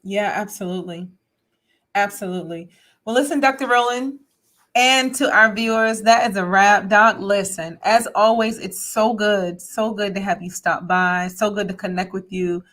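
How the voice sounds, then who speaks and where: A woman's voice: medium pitch, normal speed, a bit bright. A woman hosting a live-stream interview, effusive, repeating her phrases with many fillers. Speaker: host.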